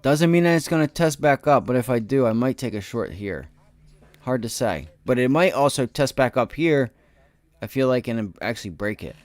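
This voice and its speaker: A man at a mid-range pitch hosts a live day-trading stream with boastful, slangy commentary. He jumps from loud excited calls to quiet muttering, always talking to his viewers. The sound is dry, with no room echo. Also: moderate pace. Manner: swings between loud bursts and low mutters. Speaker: day-trading livestream host. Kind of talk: live stock market commentary.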